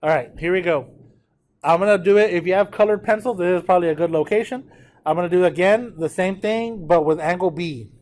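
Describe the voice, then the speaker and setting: A man's voice: high voice, brisk, darkish tone. A man teaching trigonometry to a classroom, checking in with students and having them repeat terms aloud. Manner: drills pronunciation, asks the class to repeat; frequent check-ins with students. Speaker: math teacher. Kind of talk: classroom lecture.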